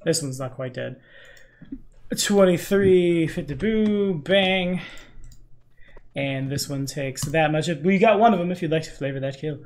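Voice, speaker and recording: A man running a tabletop game as game master, narrating in a relaxed, chatty way with casual fillers. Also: fairly high pitch, unhurried.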